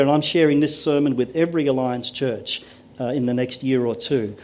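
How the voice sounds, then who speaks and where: A man's voice: a little high, dark tone. A man preaching a sermon as a pastor, earnest and emphatic, often stopping to ask the congregation rhetorical questions.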